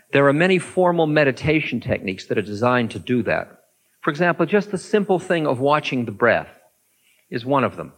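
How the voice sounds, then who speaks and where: A man's voice: mid-range voice, a bit bright, poor audio. A man teaching meditation, answering an audience question in a talk and acting out inner thoughts in little voices.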